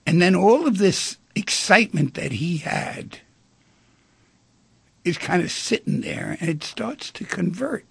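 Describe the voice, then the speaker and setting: A man's voice: sits high, animated, unhurried, gravelly, fairly bright tone, breathy edge, no room sound. A man hosting a call-in radio show, speaking animatedly and acting out the dialogue in the stories he tells. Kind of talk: talk radio discussion.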